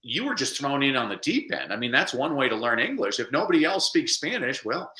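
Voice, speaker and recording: A man speaking as a guest in a casual interview, animated and playful, often putting on quick voices to make a point. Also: mid-range voice, echoey room, poor audio. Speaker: guest speaker and literacy coach. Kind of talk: casual video call interview.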